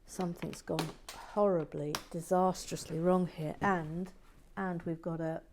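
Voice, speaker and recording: Brick-build channel host: a woman with a lowish voice, slow and theatrical, teasing her viewers. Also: steady tone, noisy background. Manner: playful, sassy and theatrical, with hushed asides. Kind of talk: casual chat reading viewer messages.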